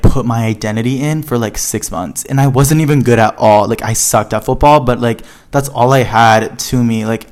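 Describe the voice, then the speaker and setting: A young man in his twenties recounts his school days on his podcast. He talks casually, with lots of fillers, and acts out the scenes dramatically in a mid-pitched voice. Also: darkish tone. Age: young adult. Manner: chatty, filler-heavy, dramatic retelling. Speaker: podcast host. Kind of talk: casual storytelling monologue.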